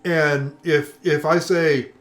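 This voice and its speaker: Older man telling a lively story. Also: a little high, slow, faint music behind. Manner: animated storyteller, acts out quoted voices. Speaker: co-host. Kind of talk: casual conversation.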